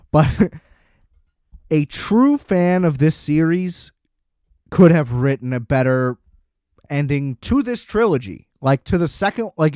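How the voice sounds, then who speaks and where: A podcast host with a somewhat high-pitched male voice, talking loosely and getting worked up as he retells a plot. He laughs often and sounds exasperated. The recording is dry and close. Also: darkish tone, no echo. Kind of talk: casual movie review rant.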